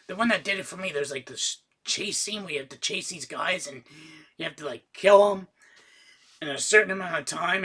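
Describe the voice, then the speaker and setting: Excitable, profane man reviewing games. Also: high voice, slightly rough. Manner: casual, profane, excitable rants. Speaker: gaming YouTuber. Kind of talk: casual game roundup.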